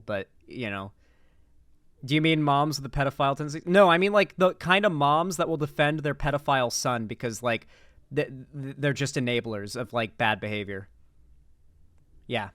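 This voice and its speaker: A young male streamer rants through political reaction commentary with a slightly high, clear, smooth voice. He is sarcastic and rambling, and the recording is close and dry. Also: fairly bright tone, dry recording.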